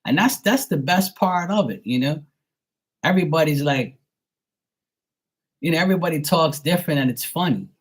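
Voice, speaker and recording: A man's voice: fairly high pitch, expressive, normal speed, long pauses, husky. A young adult man with a Bermudian accent, chatting casually and rambling on a live stream, swearing now and then. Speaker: live tarot reader.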